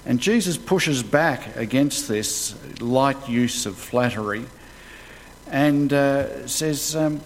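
A man preaching a conversational sermon, retelling scripture as a lively story in colloquial words. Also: mid-range voice, slow pace. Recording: long hall reverb, faint background noise.

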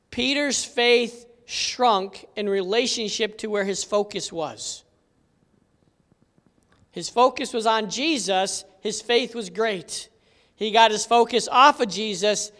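An animated Bible teacher telling stories and putting questions to the audience. The voice sits at an ordinary pitch and carries a long reverb from a large hall. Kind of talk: interactive Bible lesson.

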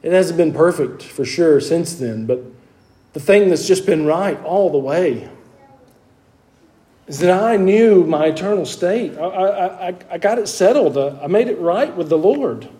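A middle-aged man preaching a sermon in a homey, storytelling way. His voice sits slightly high for a man yet sounds dark and mellow. He stumbles over repeated words when he turns earnest. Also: lively intonation, a little slow. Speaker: pastor.

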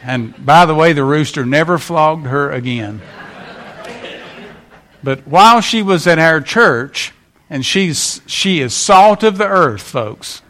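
Folksy preacher, higher-voiced man. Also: slow. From West Virginia. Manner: folksy storytelling, animated acted quotes. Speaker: pastor. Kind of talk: sermon.

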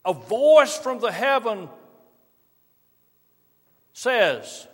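A middle-aged man preaching a sermon, reading scripture and dropping to soft, slow emphasis on key lines. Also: high-pitched, big pitch swings. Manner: varies loudness widely, drops to soft slow emphasis. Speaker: pastor. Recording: long reverb of a large hall.

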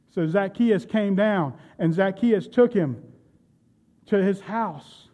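A man preaching with a high, light voice, retelling scripture as a story and turning to question his listeners. The recording is dull and lo-fi. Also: slow. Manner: storytelling preacher, addresses congregation directly. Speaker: pastor. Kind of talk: sermon.

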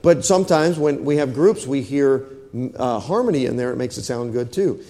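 A man's voice: medium pitch, normal speed, mellow, big-room sound. A man preaching a sermon to his congregation in a folksy manner, often checking in with questions. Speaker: pastor. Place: church hall.

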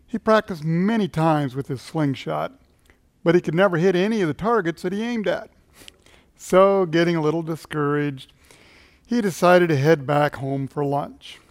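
A male pastor preaching, unfolding a story in a relaxed storytelling way and chuckling now and then. His voice is a little higher than most men's. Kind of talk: sermon storytelling.

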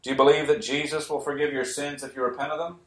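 A man's voice: on the high side, flat delivery, fast talker, a bit bright. A man preaching a sermon, emphatic and repeating key phrases, sometimes raising his voice. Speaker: pastor. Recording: echoey room.

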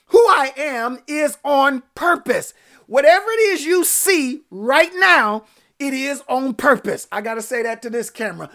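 High-voiced fervent woman preacher. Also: lively intonation, normal speed, fairly bright tone. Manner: fervent preaching that calls out to the congregation by name. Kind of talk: sermon.

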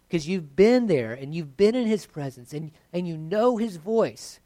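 Male pastor, mid-high voice, conversational sermon that rises to emphatic peaks, dry close sound. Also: animated, slow pace, dark tone, dry recording. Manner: conversational preaching, builds to emphatic.

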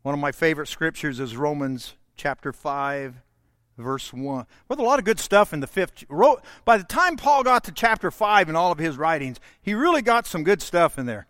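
A high-pitched man preaching a sermon, heard dry and close with no room sound around him. He swings from loud proclaiming down to soft, hushed passages. His talk is folksy and aimed straight at the congregation. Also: lively intonation, moderate pace, no room sound. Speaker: pastor.

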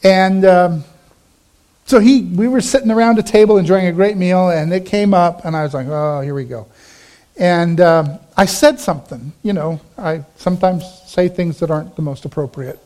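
A middle-aged man, a pastor, giving a conversational sermon and telling a personal story, quoting friends in a lowered voice. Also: moderate pace, a little mellow.

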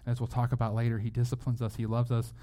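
A man's voice: medium pitch, monotone, very fast, dark tone. Conversational male preacher. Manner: conversational, with frequent word repeats. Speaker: pastor. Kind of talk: sermon.

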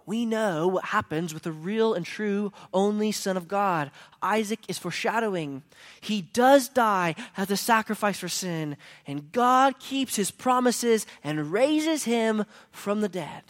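A man preaching a sermon as a pastor, telling a story that swings between hushed lines and emphatic ones. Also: sits high, expressive, unhurried.

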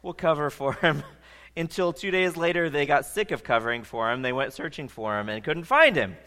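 A man preaching in a large hall, spinning a story with a bright, forceful voice that swoops up and down. His pitch sits a little high, and a long reverb trails each phrase. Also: normal speed. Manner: animated, conversational storyteller. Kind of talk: storytelling sermon.

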